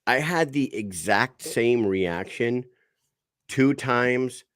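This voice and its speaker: A man's voice: mid-range voice, animated, very slow, fairly bright tone, no room sound, studio quality. A man co-hosting a podcast, enthusiastically retelling a fight in casual chat and swearing often. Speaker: podcast co-host.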